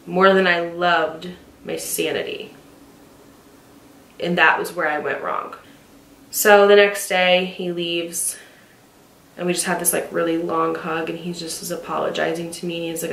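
A young woman candidly telling a story about a past relationship at home, speaking in quick bursts and then slowing down when emotional. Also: fairly low pitch, fairly bright tone. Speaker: storytime vlogger. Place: at home, facing the living room. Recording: roomy echo, distant mic.

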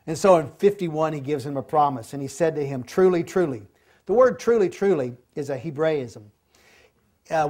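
A man, older, teaching a Bible study lesson and acting out the quoted lines with animation. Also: a little high.

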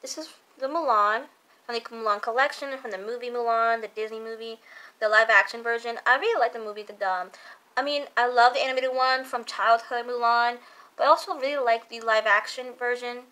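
A woman's voice: fairly high pitch, steady tone, a little fast, bright, forceful tone. A young woman chatting casually as a makeup vlogger, gushing and repeating herself, full of fillers. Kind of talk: casual chat reviewing makeup.

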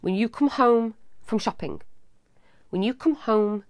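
A woman with a cold hosting a live advice show for children, talking gently and repeating words as she shows things. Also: fairly high pitch, expressive, measured pace, dry recording. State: has a cold.

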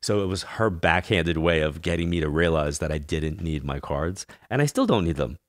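A man with a very low, deep voice, chatting as a guest in a casual interview. He tells stories with energy and slips into the voices of the people he quotes. The recording is dry and close. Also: normal speed, no room sound. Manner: animated storyteller who acts out quoted voices. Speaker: psychic medium guest.

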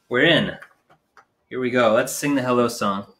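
A man performing as a children's music entertainer, leading preschoolers through a live sing-along with short spoken prompts between songs. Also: medium pitch. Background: his own guitar playing.

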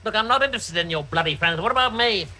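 An actor with a posh English accent playing a sardonic, scheming courtier in a TV sitcom, sarcastic and cutting. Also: male voice, high-pitched, expressive, fast talker, bright, forceful tone, a little hiss or hum, heavily acted. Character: sardonic, scheming male courtier, quick and contemptuous.

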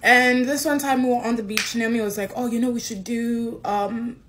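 Young woman from Kenya, higher voice, animated casual storyteller, faint hiss behind. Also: normal speed. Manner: animated, excitable, acts out quotes.

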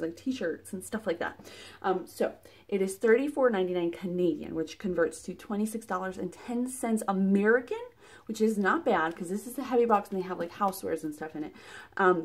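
Chatty woman unboxing products. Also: mid-range voice. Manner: chatty, rambling, many fillers and restarts; excitable, exclaims at items. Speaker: product reviewer. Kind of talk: casual unboxing vlog.

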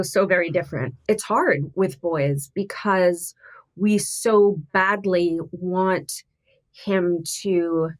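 A middle-aged woman, a podcast guest, talking candidly and thoughtfully with frequent restarts. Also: lowish voice. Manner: earnest, thoughtful, halting with restarts.

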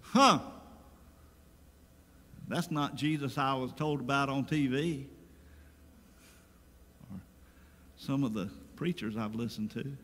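A man's voice: mid-range voice, measured pace, long pauses. A pastor giving a sermon, reading scripture aloud and talking to his congregation in a conversational way that rises into emphatic preaching. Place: church sanctuary. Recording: long reverb of a church sanctuary.

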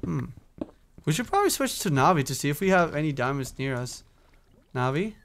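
Gravelly young man swearing through a game. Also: a little high, sing-song, a little fast. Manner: chatty, self-talking, swears, hums while playing. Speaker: gaming YouTuber. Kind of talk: casual Minecraft let's play commentary.

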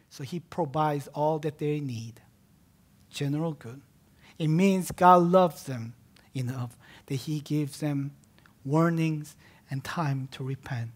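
A man preaching a sermon as pastor, repeating key words for emphasis and swinging between loud emphatic cries and hushed near-whispers. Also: mid-range voice, husky.

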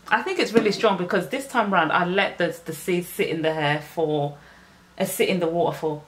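Chatty low-voiced woman vlogger. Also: normal speed, a little hiss or hum. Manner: chatty, exclaims and talks straight to the viewers. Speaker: natural hair vlogger. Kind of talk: casual hair care vlog.

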